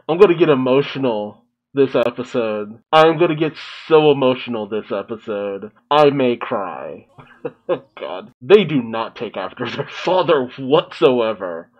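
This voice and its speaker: A man's voice: mid-range voice, expressive, measured pace, lo-fi sound. A man giving casual, emotional reaction commentary on a cartoon episode, often exclaiming and laughing. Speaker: reaction video host.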